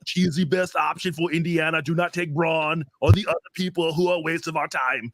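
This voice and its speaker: A man's voice: a little high, fairly even intonation, fairly quick, fairly bright tone, a little hiss or hum, lightly acted. A man doing an impression of a stern, muscle-bound male action hero who issues blunt, threatening orders. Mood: commanding.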